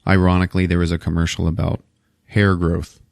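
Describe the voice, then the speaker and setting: A man's voice: sits low, brisk, gravelly, no room sound, clean studio sound. A man hosting a podcast, casually retelling a movie plot with lots of swearing. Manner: animated, profane storytelling. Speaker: podcast host.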